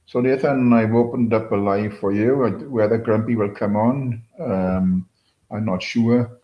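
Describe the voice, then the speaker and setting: A British livestream host greets viewers by name and rambles casually, using lots of fillers. His voice is on the low side, a little slow and fairly even in intonation. The lo-fi recording has a roomy echo.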